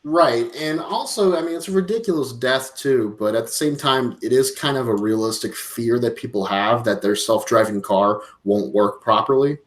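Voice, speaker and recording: A man's voice: medium pitch, normal speed, few pauses. A man co-hosting a podcast, retelling a film in a casual, profane way, acting out lines and laughing often. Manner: animated, profane storytelling with acted-out quotes and laughs. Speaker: podcast co-host. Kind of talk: casual movie review chat.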